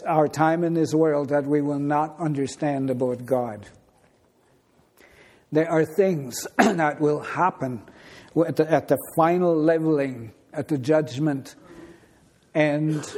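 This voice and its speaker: Male preacher, sermon, very slow and deliberate, mellow, slightly high voice. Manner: deliberate, unhurried storytelling.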